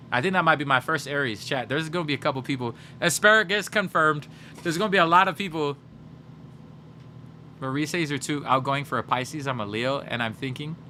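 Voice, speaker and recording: A man chats casually with his livestream audience, swearing freely and reading out and answering their messages as he goes. His voice is bright and forceful, and he tells stories with lively energy. A faint hum of noise sits under the recording. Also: medium pitch. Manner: animated storyteller, swears, addresses chat directly; reads out and answers chat messages. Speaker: gaming livestreamer.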